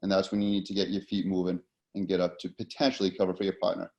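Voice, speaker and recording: A man's voice: low-pitched, level tone, quick pace, darkish tone, lo-fi sound. A man with an American accent teaching linesman positioning in a loose, casual way, with plenty of fillers and repeated words. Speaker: hockey officiating instructor. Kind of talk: instructional talk.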